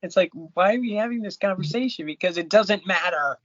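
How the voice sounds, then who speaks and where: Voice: medium pitch, brisk, no room sound. A podcast co-host in casual chat about a movie, commenting in a dry, puzzled way. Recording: dull, lo-fi dry recording.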